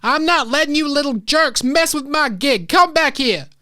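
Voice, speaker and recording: A shouting truancy officer, voiced by a game master. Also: high voice, expressive, moderate pace, voice pushed up. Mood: angry. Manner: shouting, threatening. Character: angry female truancy officer chasing kids.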